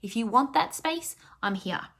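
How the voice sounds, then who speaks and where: A woman's voice: fairly high pitch, lively intonation, a little slow, fairly bright tone. Woman, coach, live talk, heartfelt, rambling, filler-heavy. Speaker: life coach. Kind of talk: emotional live talk to followers.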